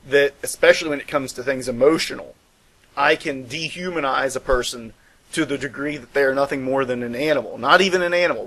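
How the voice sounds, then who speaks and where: A man's voice: fairly high pitch, a bit bright, rough recording. A man guest-hosting a podcast, telling a personal story in an earnest, reflective way and raising his voice to act out quoted lines.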